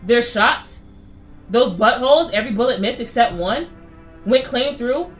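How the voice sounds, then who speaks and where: A woman's voice: on the high side, animated, a little slow, soft background music. A woman voicing a wounded man who fled after being shot, scared, bitter and urgent. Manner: pained, urgent and conspiratorial.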